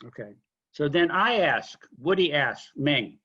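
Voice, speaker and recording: A man lecturing a linguistics class, explaining question forms slowly with examples and apologizing for being unclear. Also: fairly high pitch, lively intonation, sharp tone, slightly rough, highs cut off. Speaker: linguistics instructor.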